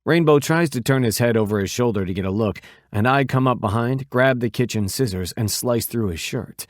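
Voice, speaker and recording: A man narrating an audiobook in a measured, even storytelling manner. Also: mid-range voice, no echo, clean studio sound.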